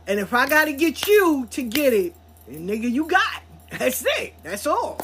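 A woman hosting a podcast, telling a story in a blunt, profane, animated way. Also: high voice, moderate pace, slight background noise. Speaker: podcast host. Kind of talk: casual storytelling monologue.

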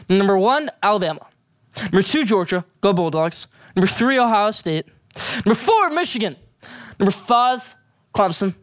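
A man's voice: high-pitched, a bit bright, no room sound. A man hosting a sports show, giving emphatic, opinionated picks and hot takes.

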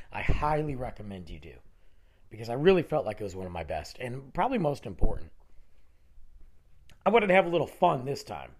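Man, podcast host, nasal, losing his voice, lively pitch, rambling, close mic. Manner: rambling, animated, restarting sentences. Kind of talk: solo podcast monologue. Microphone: close studio microphone.

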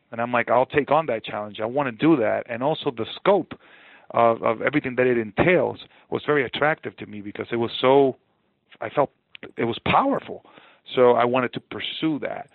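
A man in his forties, a former ballplayer, telling his story in an interview with earnest, animated energy and frequent repeated phrases. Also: mid-range voice, creaky, no room sound. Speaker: podcast guest, former baseball player. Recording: dry, narrow phone-like sound.

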